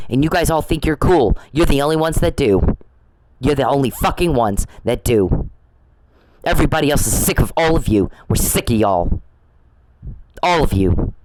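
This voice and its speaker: A man's voice: medium pitch, background noise. A man delivering an angry, confrontational monologue at someone he says is harassing him, repeating himself and swearing.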